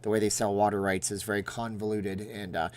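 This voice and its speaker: A man's voice: fairly low pitch, flat delivery, brisk. A middle-aged man hosting a casual livestream from Las Vegas, chatting sarcastically and answering viewers' questions. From Las Vegas, Nevada. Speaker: livestream host.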